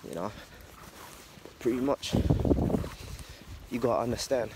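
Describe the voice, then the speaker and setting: A man's voice: medium pitch, animated, measured pace. Slangy man preaching outdoors, noisy. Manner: loose slangy talk, swears, tags "man" constantly. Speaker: religious vlogger. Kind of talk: casual preaching monologue.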